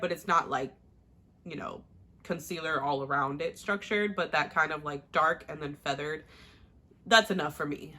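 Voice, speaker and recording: A young woman chats her way through a makeup routine, loose and rambling, with "like" in every other phrase. Her voice sits a little low but comes out bright and forward. It sounds like an unscripted home vlog. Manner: chatty, rambling, uses "like" a lot. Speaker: beauty vlogger. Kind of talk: casual makeup tutorial chat.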